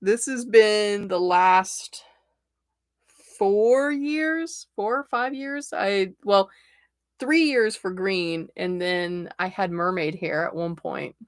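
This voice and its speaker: A woman's voice: mid-range voice, slow pace, dry recording, studio quality. A middle-aged woman from Florida, a tarot reader chatting casually on her livestream and laughing often.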